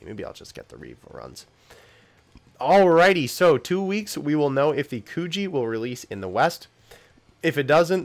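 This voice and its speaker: A young man hosting a casual commentary video, reacting to each item with quick laughs and sudden excited exclamations. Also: mid-range voice. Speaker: YouTube host covering figure news. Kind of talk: casual commentary while reading news.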